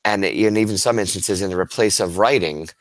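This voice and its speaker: Low-voiced man giving a casual tech demo. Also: a little fast, no echo. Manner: casual and enthusiastic, with frequent restarts and fillers. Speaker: teacher presenting to educators. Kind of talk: webinar presentation with screen demo.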